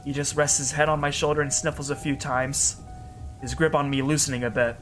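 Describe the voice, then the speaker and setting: A man's voice: on the high side, flat delivery, brisk, a bit bright, faint music behind. A man giving an earnest, emotional first-person story narration as a storyteller.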